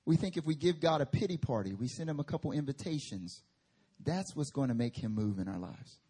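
A man's voice: medium pitch, expressive, a little fast, dark tone, breathy edge. A male pastor preaching a sermon at a church service, conversational with emphatic bursts.

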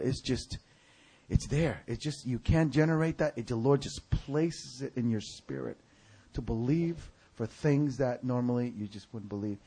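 A male preacher telling a story in a sermon. He shouts other people's lines in a high voice. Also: moderate pace, breathy edge.

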